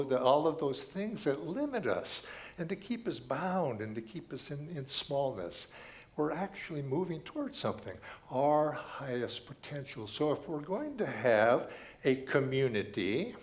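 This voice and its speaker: An older man giving a sermon as a guest speaker in a church, telling stories with animated emphasis. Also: medium pitch. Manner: animated storytelling, rising and falling emphasis. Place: church sanctuary.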